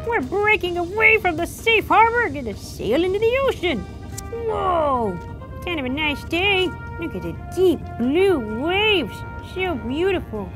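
A cheerful little gator pirate, voiced by a woman squeaks and whoops through a kids' play adventure. The voice sits extremely high and swoops around, and the lines come at an easy, unhurried pace. Bright music runs under it all. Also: heavily acted. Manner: excitable, lots of whoas and squeals. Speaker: show's title character. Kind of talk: kids' pretend-play video voice. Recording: music playing behind.

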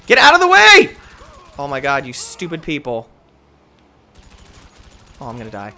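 A young man hosting a gaming channel, giving excitable live commentary that swings from muttering to yelling, trash-talking other players. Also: fairly high pitch, moderate pace.

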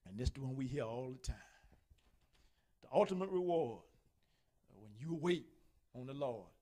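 A male pastor preaching a sermon, folksy and animated, acting out the voices he quotes. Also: mid-range voice, moderate pace.

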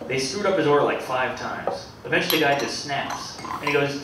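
A man doing stand-up comedy in a club, with a deadpan, self-deprecating delivery and a halting, hesitant way of talking. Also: mid-range voice. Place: comedy club with live audience. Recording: echoey club, distant mic, loud crowd noise.

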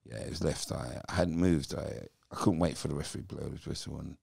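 A man's voice: very deep voice, fast, vocal fry, darkish tone, slightly rough, no room sound, clean studio sound. A British man in his fifties, a former footballer, guest on a podcast, telling his story animatedly and acting out what people said. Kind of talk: storytelling interview.

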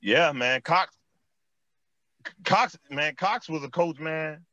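Animated Chicago man telling street stories. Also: a little high, slow pace, no room sound, highs cut off. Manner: animated street storytelling, repeats phrases and says "man" often. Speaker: former basketball player, guest. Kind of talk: storytelling interview chat.

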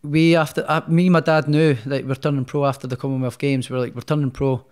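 This boxer, a podcast guest, tells his story in a chatty, rambling way full of restarts. His voice is a little high and a little mellow, with a steady, clean tone and a quick pace.

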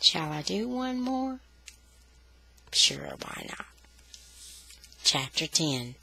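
A woman reads a children's novel aloud at an unhurried, leisurely pace, her pitch rising and falling with lively expression. Her voice is bright and close to the mic, with a dry sound and no room echo. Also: gravelly, slightly rough. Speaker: storybook reader.

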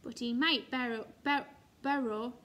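Slow, high-voiced woman teaching phonics. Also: steady tone, fairly bright tone. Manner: slow, sing-song, encouraging, sounding out letters. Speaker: reception class teacher. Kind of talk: recorded phonics lesson for young children.

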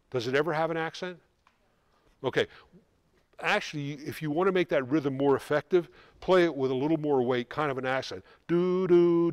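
A man coaching a high school band in rehearsal, giving quick instructions and singing rhythms to show how they go. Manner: brisk, sings rhythms to demonstrate. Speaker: band clinician. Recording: music in the background. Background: band playing.

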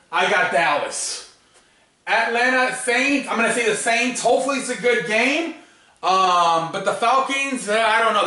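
A man's voice: sits high, pushed and bright. A young man hosting a sports show alone, rambling loosely and cursing freely through his casual picks. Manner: profane, rambling, loose and joking. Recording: very echoey room, distant mic.

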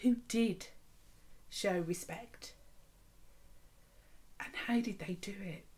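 A woman vicar telling a story and leading a school assembly in an expressive storytelling manner. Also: medium pitch, takes it slowly.

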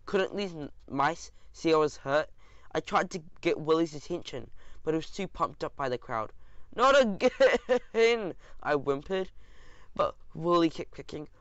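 A man reading a children's audiobook in an expressive first-person storytelling manner. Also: on the high side, moderate pace, dry recording. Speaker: audiobook narrator. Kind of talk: scripted audiobook narration. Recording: dull lo-fi recording.

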